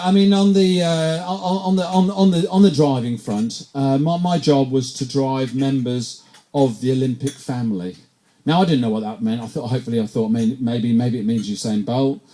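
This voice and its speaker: Rambling English man doing stand-up, mellow voice. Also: mid-range voice. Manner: rambling, self-deprecating, stumbles and repeats words often. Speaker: stand-up comedian. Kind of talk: stand-up set at a comedy night. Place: pub comedy night.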